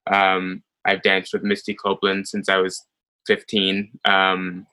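A young man, a ballet dancer being interviewed, telling stories in a chatty way with many pauses and fillers. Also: low voice, clean tone, rough recording. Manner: chatty, many ums, animated retelling. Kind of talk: casual interview storytelling.

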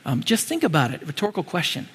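A man delivers a casual, animated sermon and keeps asking rhetorical questions. His voice is high and bright and swings widely in pitch. Long hall reverb trails every line. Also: quick pace, breathy edge. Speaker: preacher.

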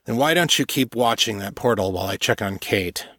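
Audiobook lead: tired, wry male hero, blunt, low voice, read by the narrator. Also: animated, a little fast, pushed and bright, no echo, clean studio sound. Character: weary male supernatural investigator, wry.

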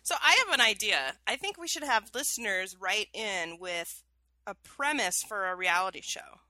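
A woman co-hosting a podcast, chatting in a lively way. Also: mid-range voice, normal speed. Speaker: podcast co-host. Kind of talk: casual chat.

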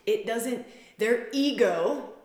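A woman's voice: on the high side, animated, slow pace, a little mellow, echoey room. A woman who works as a spiritual facilitator, talking in a rambling, intimate way and repeating words for emphasis. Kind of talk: casual monologue.

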